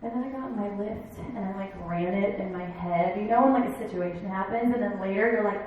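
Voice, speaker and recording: Woman comic in her thirties working a bar stage, chatty storytelling with quick voiced bits, picked up far off in a very echoey room. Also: mid-range voice, animated, darkish tone, slight background noise. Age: 30s. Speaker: stand-up comedian. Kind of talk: stand-up comedy set.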